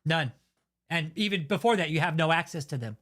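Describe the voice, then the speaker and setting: A man's voice: on the high side, expressive, brisk, fairly bright tone. A man hosting his own channel, delivering a heated, heavily profane and blunt rant of commentary. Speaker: channel host. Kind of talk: angry ranting commentary.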